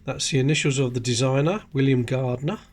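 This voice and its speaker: A man's voice: mid-range voice, fairly quick, a little mellow. Chatty man sorting coins. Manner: chatty, explains details while handling coins. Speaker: coin collecting channel host. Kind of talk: casual coin-sorting commentary.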